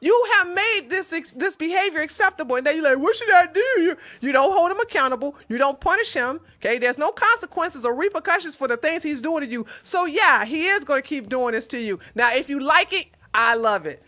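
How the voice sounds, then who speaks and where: A woman hosts a relationship advice livestream, reading a viewer's letter and then answering with blunt, mocking sass. Her voice sits a little high, with a bright, forceful edge. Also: lively intonation, brisk, few pauses. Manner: blunt, sassy, mocking, laughing often.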